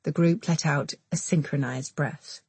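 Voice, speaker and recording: A woman reads an audiobook in a measured, intimate way. Her voice is low and husky, recorded dry and close. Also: a little mellow, no room sound. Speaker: audiobook narrator. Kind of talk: scripted narration.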